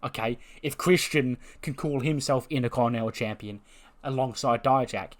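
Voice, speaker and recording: A man's voice: mid-range voice, moderate pace, close to an everyday voice. A man voicing a cocky male wrestler who boastfully hosts his own talk segment. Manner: boastful, showman announcing.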